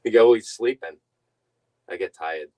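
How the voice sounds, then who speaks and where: A man's voice: fairly low pitch, a little slow, a little mellow, poor audio. A young man telling a rambling story to his stream viewers, laughing often and breaking off mid-sentence. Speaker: reseller streamer.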